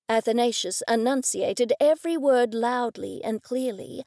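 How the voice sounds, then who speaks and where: A woman narrating a cozy mystery audiobook in first person, with measured, dry storytelling. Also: a little high, vocal fry, darkish tone, dry recording.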